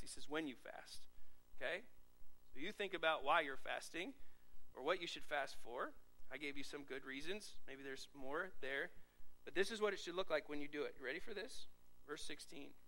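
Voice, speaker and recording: A man preaching a sermon as pastor, talking to the congregation in a lively, conversational way and asking them questions. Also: high voice, poor audio.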